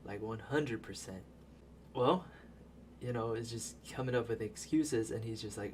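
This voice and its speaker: Profane, animated man recapping a movie. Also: medium pitch, unhurried, a little hiss or hum. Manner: profane, animated storytelling with laughs. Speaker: video creator. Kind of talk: casual movie recap voice-over.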